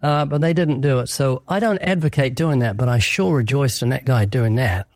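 A man, a guest on a radio talk show, telling stories quickly and with animation. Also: mid-range voice, no echo, studio quality. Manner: fast, animated storyteller. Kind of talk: radio interview storytelling.

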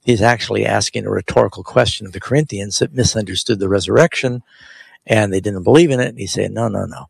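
Gravelly-voiced pastor hosting call-in radio. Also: male voice, fairly low pitch, quick pace, no room sound. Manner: animated, reads verses aloud with emphasis. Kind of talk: explaining scripture on live radio.

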